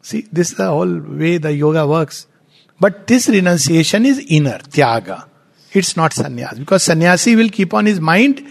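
A man with an Indian English accent giving a spiritual lecture, animated and explanatory, posing rhetorical questions. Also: high voice, gravelly. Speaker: spiritual teacher. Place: lecture hall at a centre. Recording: long hall reverb.

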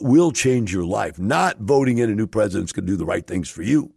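A man's voice: lowish voice, animated, brisk, creaky, hardly any pauses, darkish tone, slightly rough, dry recording, studio quality. A man hosting a show, telling a folksy story and urging listeners emphatically to take responsibility. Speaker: host. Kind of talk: motivational storytelling talk.

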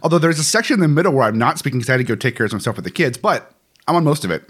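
A man's voice: a little high, lively intonation, racing, fairly bright tone, breathy edge. A man co-hosting a podcast, joking and laughing often in casual chat. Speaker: podcast co-host.

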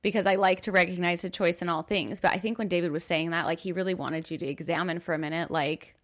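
A woman's voice: on the low side, fairly even intonation, quick pace. A woman co-hosting a casual chat, thoughtfully rephrasing and reflecting on what her friend shares. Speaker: podcast co-host.

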